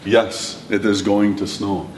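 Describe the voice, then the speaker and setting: A man teaching a language lesson, patiently repeating words slowly for his learners. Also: level tone. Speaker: language instructor. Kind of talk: classroom lesson. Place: classroom or lecture room. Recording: echoey room, mic at a distance, faint rumble.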